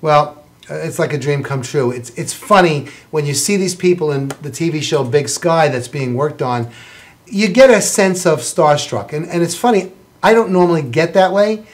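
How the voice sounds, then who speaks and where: A man's voice: on the high side, expressive, normal speed. A man hosting a studio talk show, praising his guests in an effusive, rambling way. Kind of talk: chatty studio interview. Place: television studio.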